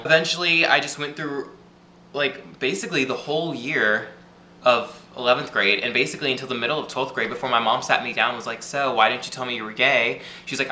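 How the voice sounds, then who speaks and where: A young man chats straight to the camera, telling a personal story full of likes and you-knows. His voice is very bright and forward, and the room around him rings a little. A faint hiss sits under it. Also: mid-range voice, reverberant. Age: young adult. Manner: chatty, lots of fillers and 'like'. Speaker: vlogger.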